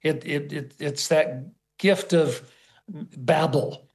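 A man from the United States, a guest sharing memories in an interview, enthusiastic and halting, often repeating words. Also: on the high side. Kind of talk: conversational storytelling.

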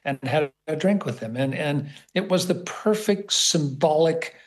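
A man from the United States, a guest sharing memories in an interview, enthusiastic and halting, often repeating words. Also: a little high, expressive. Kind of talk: conversational storytelling.

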